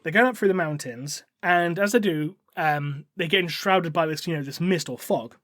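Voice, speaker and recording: A man's voice: on the high side, moderate pace, fairly bright tone, no room sound. A man on a podcast retelling a novel in a casual, rambling way with fillers and swearing, close on the mic. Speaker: podcast host.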